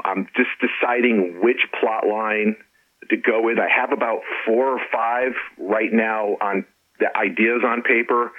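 A middle-aged man, an author and interview guest, talking in a relaxed, chatty way. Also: lowish voice. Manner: relaxed, chatty, with frequent restarts and laughs. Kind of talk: casual interview chat. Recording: tinny phone line.

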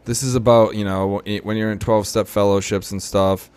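A man's voice: fairly low pitch, level tone, fairly quick, darkish tone, clean tone, no echo. A young adult man, telling his recovery story in casual talk, full of "you know" and "right?". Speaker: podcast guest.

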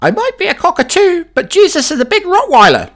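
Shrill caged cockatoo issuing a smug warning, very high and a touch off-mic. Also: male voice, wildly swooping pitch, fairly quick, a bit bright, full character voice. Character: preachy pet cockatoo in a cage.

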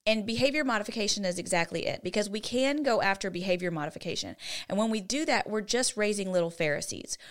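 A woman's voice: medium pitch, lively intonation, quick pace. A woman co-hosting a faith-based parenting talk, teaching in an earnest way and often checking in with "right?". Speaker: co-host.

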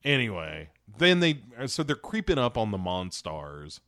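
A man tells a movie's plot to his co-host, his pitch jumping up and down as he mimics the characters. The sound is dry and close to the mic. He talks in a loose, joking way. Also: no echo. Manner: animated, acts out quotes in quick voices. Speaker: podcast co-host. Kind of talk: casual movie recap chat.

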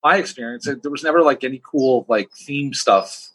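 A man's voice: medium pitch, a little fast, a bit bright, slightly rough, low-quality recording. A man on a podcast, rambling through bar anecdotes with bursts of quoted voices. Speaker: podcast co-host. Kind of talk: casual chat.

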